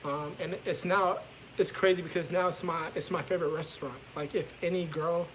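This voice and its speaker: A man's voice: fairly high pitch, fairly even intonation, a little fast, a bit bright, slight background noise, low-quality recording. A young man vlogging a casual storytime from his bedroom, candid and rambling, swearing freely as he talks.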